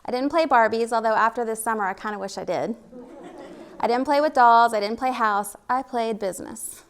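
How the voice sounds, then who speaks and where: On a stage at a live event, a middle-aged woman from Oklahoma tells her personal story with candid, self-deprecating humor. Her voice is a little high, brisk and clean, carrying a slight Oklahoma accent.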